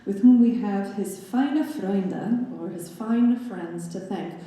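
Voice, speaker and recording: Slow and dark-toned, a young adult woman's medium-pitched voice fills a recital hall with roomy reverb. She is giving a graduate lecture recital, analyzing slides with wry, playful asides in a scholarly talk.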